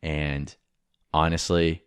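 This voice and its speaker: A man's voice: rumbling low, level tone, slow pace, clean tone, no room sound, studio quality. A man co-hosting a podcast, giving rambling, frank advice with casual swearing and jokes. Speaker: podcast co-host.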